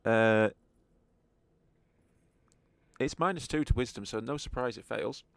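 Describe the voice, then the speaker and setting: A man's voice: mid-range voice, a little fast, gravelly, a bit bright, clean tone, no room sound. A man narrating a tabletop game as game master, in a wry, joking manner.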